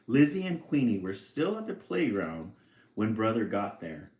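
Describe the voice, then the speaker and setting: A man reading a children's picture book aloud, with relaxed, chatty asides between passages. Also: lowish voice. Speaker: storybook reader. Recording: echoey room.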